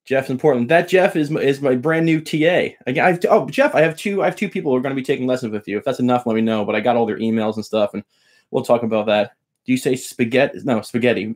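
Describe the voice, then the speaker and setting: Middle-aged guitar teacher, chatty live-stream host, joking with viewers; mid-pitched male voice. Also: a little mellow. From Long Island, New York. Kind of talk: casual live-stream lesson and chat.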